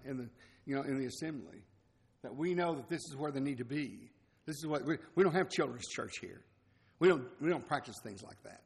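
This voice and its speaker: A man's voice: mid-range voice, animated, a little fast, creaky. A man, preaching a conversational sermon with folksy, chuckling asides. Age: 60s. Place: church assembly hall. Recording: long reverb of a hall.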